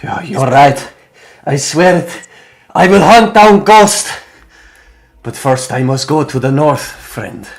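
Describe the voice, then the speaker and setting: Brief: man playing earnest kobold warrior in a tabletop game, solemn and halting, mid-pitched voice. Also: fairly even intonation, lightly acted. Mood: resolute. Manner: solemn, halting, stammering in grief.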